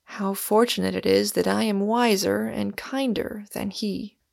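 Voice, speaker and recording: Woman reading as a sullen, softly menacing young man. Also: steady tone, a little slow, creaky, no echo, clean studio sound. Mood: gently menacing. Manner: soft, low-key tenderness. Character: sullen young male undergraduate, mildly menacing.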